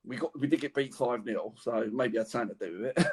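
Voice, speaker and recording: A man's voice: medium pitch, fast talker, a little hiss or hum. A man, a former footballer, telling slangy anecdotes on a podcast in a casual chat. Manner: animated anecdotes, laughs through stories, slangy.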